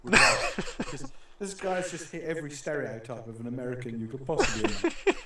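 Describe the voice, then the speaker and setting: A man's voice: medium pitch, animated, a little fast, very echoey, far from the mic, heavy background noise. A middle-aged British man hosting a casual talk show, telling stories in a rambling way with many restarts and fillers. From Britain. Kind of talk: casual chat.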